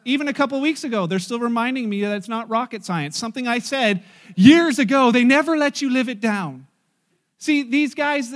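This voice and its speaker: Guy preaching, super high voice, jokey storyteller vibe, acts out the characters. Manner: lively, joking storyteller who acts out the characters. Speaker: pastor. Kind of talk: sermon.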